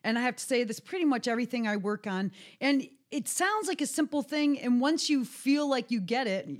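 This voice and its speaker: A woman's voice: on the high side, animated, a little fast. Woman saxophonist singing phrases. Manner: laughs easily, sings phrases on syllables. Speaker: guest, saxophonist and teacher. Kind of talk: casual interview chat.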